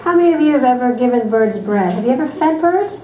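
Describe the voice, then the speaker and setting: A woman teacher leading a small reading group of children, patient and encouraging and quick to praise. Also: a little high, lively intonation, crowd noise. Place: classroom. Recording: echoey classroom, distant mic.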